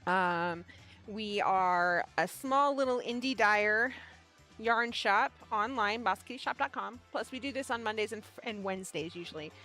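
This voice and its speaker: A woman from the Pacific Northwest hosting a casual livestream for a small yarn shop, animated, swearing freely and often restarting her sentences. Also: medium pitch, measured pace, faint music behind. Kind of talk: casual livestream chat with a staged phone-call skit.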